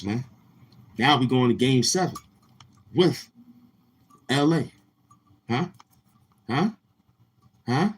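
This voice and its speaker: A man's voice: medium pitch, breathy edge, rough recording. A man hosting a casual livestream, talking in brash, heckling, slang-heavy banter. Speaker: live-stream host.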